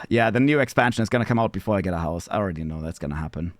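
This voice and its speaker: Lively, rambling male streamer. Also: very fast, no room sound, clean studio sound, soft background music. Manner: rambling and profane, jumping into squeaky high bits. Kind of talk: casual live-stream chat.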